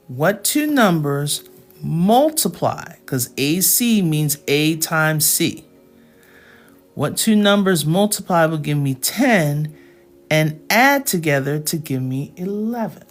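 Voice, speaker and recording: A woman's voice: sits low, expressive, takes it slowly, faint music behind. A woman teaching a live math lesson, explaining each step patiently and checking in with her students.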